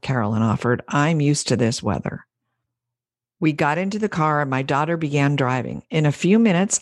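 A woman podcast host and business coach reading an essay aloud in a measured, storytelling way. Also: sits low, darkish tone, no room sound.

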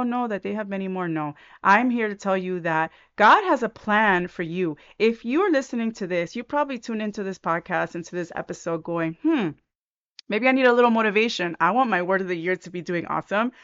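Effusive woman podcast host, smooth voice. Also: mid-range voice, fairly bright tone, lo-fi sound. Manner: effusive and gushing, with frequent restarts. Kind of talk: casual solo podcast chat.

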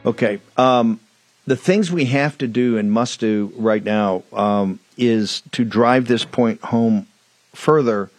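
Male political show host, emphatic repetitive monologue, studio mic, dry close sound, middle pitch. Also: no echo.

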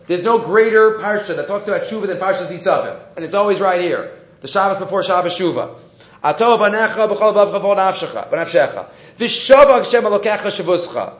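A man teaching a Torah class, reading verses aloud and explaining them with animated rhetorical questions. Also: sits high. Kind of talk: Torah lecture mixing Hebrew texts and English. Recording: echoey, dull lo-fi room recording.

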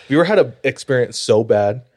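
A man's voice: medium pitch, animated, fast, darkish tone. A man co-hosting a podcast, telling stories in casual chat and laughing often. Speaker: podcast co-host.

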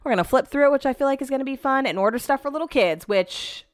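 A woman with a fairly high voice hosts a casual solo podcast from her home office, rambling through a rant and swearing freely. The sound is dry and close, with no room echo. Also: animated, fast. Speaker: podcast host.

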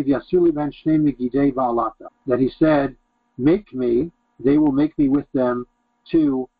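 A man's voice: fairly high pitch, gravelly, no room sound. A man reading aloud from a text and translating it phrase by phrase as he teaches. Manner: reads Aramaic phrases then translates them in short bursts. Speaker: Talmud teacher. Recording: dry, tinny phone-like sound.

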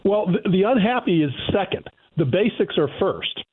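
Indignant husky man on a phone line. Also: high-pitched, animated, normal speed. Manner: emphatic, indignant, lecturing. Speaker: economist guest. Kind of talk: talk radio phone interview.

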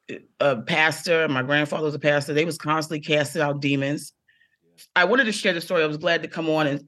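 Woman, bright voice, theatrical storyteller, casual chat. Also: deep voice. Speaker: guest comedian.

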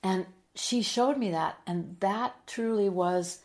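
A middle-aged woman in a heartfelt interview, telling a personal story with earnest emotion, sometimes dropping soft and quiet. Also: medium pitch, takes it slowly, vocal fry. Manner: earnest and emotional, drops soft and quiet, then lively when quoting. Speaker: guest.

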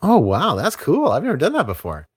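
A man's voice: fairly high pitch, huge pitch swings, brisk, breathy edge, no room sound, clean studio sound. A man hosting a podcast, chatting casually and reacting with easygoing curiosity. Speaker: podcast host. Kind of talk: casual chat.

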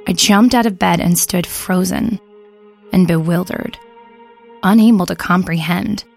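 A woman narrating a first-person horror story with a measured, brooding delivery. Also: fairly low pitch, vocal fry, faint music behind.

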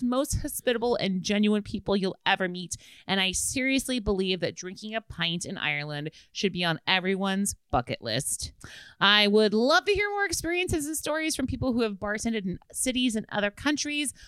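A woman's voice: medium pitch, sing-song, normal speed, a bit bright, smooth, no echo. A woman co-hosting a podcast, reading a listener's letter aloud in casual chat, laughing often and swearing freely. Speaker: podcast co-host.

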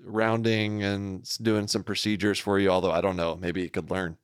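A man's voice: low voice, flat delivery, normal speed, clean tone, no room sound, studio quality. Joking male podcast host. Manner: joking, game-show-style rating segments. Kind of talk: casual chat.

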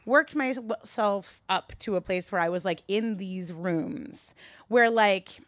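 A woman giving a candid, animated talk to a live audience, swearing freely and rising into a high register when worked up. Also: slow, no echo, studio quality. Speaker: speaker addressing a live audience.

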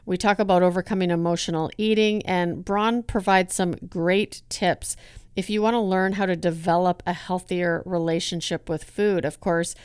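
A woman's voice: fairly low pitch, steady tone, normal speed, clean tone, dry recording, studio quality. A woman hosting a podcast, introducing her guest and interviewing her in an upbeat, enthusiastic way. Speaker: podcast host.

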